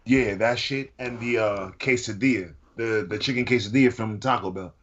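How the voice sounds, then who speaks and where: A man in casual podcast chat who fires off incredulous questions. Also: fairly low pitch. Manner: incredulous, rapid-fire questions. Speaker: podcast co-host. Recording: dull lo-fi sound.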